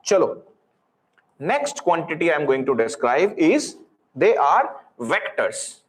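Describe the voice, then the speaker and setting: A man's voice: on the high side, very animated, slow pace. A man with an Indian English accent teaching physics in a live online class, encouraging and full of repeated praise, dropping into Hindi. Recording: roomy echo.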